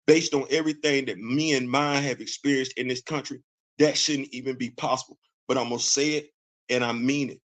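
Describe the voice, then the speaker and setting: A man's voice: medium pitch, steady tone, fairly quick. A middle-aged American man hosting a show, delivering a heated, blunt political rant. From United States. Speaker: host.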